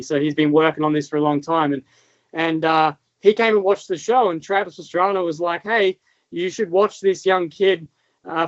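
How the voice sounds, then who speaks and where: A man's voice: on the high side, a bit bright, no room sound. An Australian man in his thirties, a motocross rider guest, telling his story in rambling casual talk with many fillers. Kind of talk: casual interview chat. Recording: dull, lo-fi sound.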